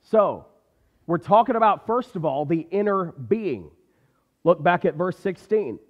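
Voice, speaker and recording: A man delivers a sermon with an emphatic, repeating cadence. His voice sits a little high for a man. The long hall reverb and the dull, muffled sound make it feel like a church recording. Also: lively intonation, measured pace. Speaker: preacher.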